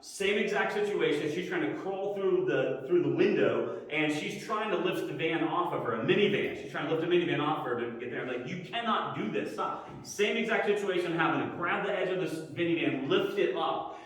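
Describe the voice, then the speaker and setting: Guy preaching sunday school, kinda high voice, tells stories all animated, big echoey church hall. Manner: animated storyteller, acts out his own quoted lines. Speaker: pastor teaching Sunday school. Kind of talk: sermon with personal storytelling. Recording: echoey hall, mic at a distance.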